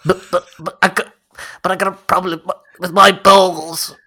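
A man voicing a creepy disguised male stalker who stammers and whines in a strained, gravelly voice. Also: high voice, level tone, normal speed, background noise, pitched above the performer's own voice, close to an everyday voice. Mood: pleading. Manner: stammering, whiny.

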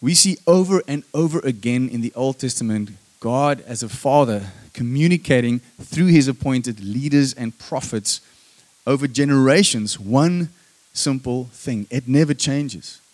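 A man preaching a sermon, emphatic and calling for amens, moving between loud stressed lines and soft hushed passages. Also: medium pitch, lively intonation, unhurried. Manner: emphatic, calls for "Amen?" from the congregation.

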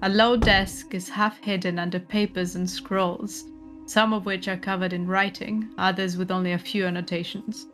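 A woman's voice: medium pitch, level tone, normal speed, a bit bright, soft background music. A woman narrating a tabletop horror game as game master, describing scenes and often laughing.

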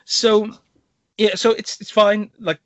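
Animated man reviewing films. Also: high-pitched, takes it slowly, dry recording, lo-fi sound. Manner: animated, rambling, sarcastic asides. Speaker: podcast co-host. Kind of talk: casual film review chat.

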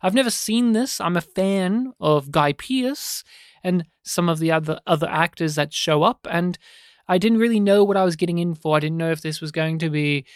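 A man's voice: high-pitched, moderate pace, clean tone, no room sound, studio quality. A man co-hosting a podcast, chatting casually about a film with a rambling, hesitant manner full of fillers and restarts. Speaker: podcast co-host.

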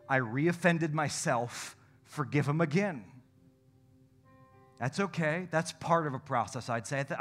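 A man preaching a sermon and telling a personal story, swinging between loud and hushed delivery. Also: medium pitch. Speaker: pastor. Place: church service.

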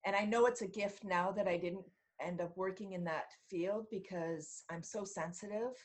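A woman's voice: fairly low pitch, normal speed. A middle-aged woman from Canada talks as a podcast guest. She tells her stories casually and with a lot of life, laughs often, and acts out other people's lines with plenty of expression. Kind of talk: casual storytelling in an interview.

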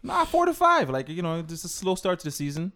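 A man co-hosting a podcast, calm and even-tempered in casual chat. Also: high-pitched, brisk. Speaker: podcast co-host.

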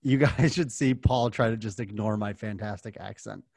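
A man's voice: on the low side, moderate pace, gravelly, a little mellow, no room sound. American male co-host, dry close sound, easygoing sports banter. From United States. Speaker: podcast co-host. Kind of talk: casual sports podcast chat.

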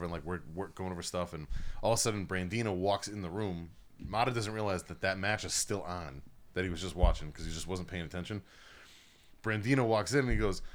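A man's voice: deep voice, fairly bright tone. A young man hosting a casual podcast, telling a long, profane story with lots of laughing. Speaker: podcast host.

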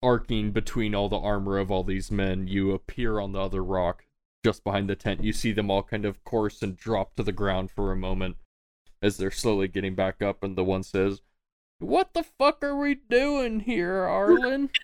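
Low-voiced male game master, dry sound. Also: little pitch movement, moderate pace, a little mellow, clean tone, dry recording. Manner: casual, laughs often, swears freely. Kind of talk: narrating a tabletop game.

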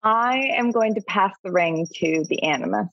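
A woman playing a tabletop role-playing game, speaking briskly and matter-of-factly. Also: medium pitch, lively intonation, no room sound. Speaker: player. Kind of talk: casual tabletop play. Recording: dull, dry lo-fi mic.

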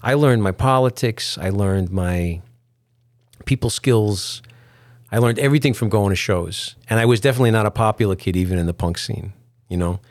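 A male musician with a New York accent, chatting in an interview, halting and full of restarts. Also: fairly low pitch, dry recording, clean studio sound. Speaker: musician guest. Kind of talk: casual interview chat. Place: video call at home.

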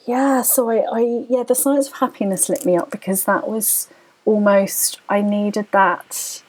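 Husky woman telling her story. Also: mid-range voice, a little mellow, low-quality recording. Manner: earnest, tumbling phrases with restarts. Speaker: podcast guest. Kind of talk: personal storytelling.

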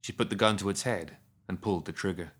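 Low-voiced man narrating a story. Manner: steady, measured reading.

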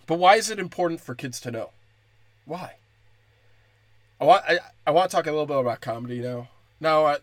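Young male stand-up, crude ranting delivery, slightly high voice, dry sound. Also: brisk, long pauses, dry recording. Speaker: stand-up comedian. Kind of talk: stand-up comedy rant.

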